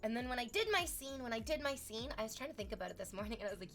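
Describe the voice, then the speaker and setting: A woman's voice: fairly high pitch, expressive, rapid-fire, a bit bright, faint music behind. Candid, reflective streamer woman. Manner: reflective, candid, swears freely. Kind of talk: casual chat.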